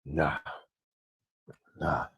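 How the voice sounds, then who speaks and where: A man's voice: very slow, a bit bright, no echo. A man delivering blunt, profane fan commentary, ranting emphatically. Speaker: sports commentator vlogger.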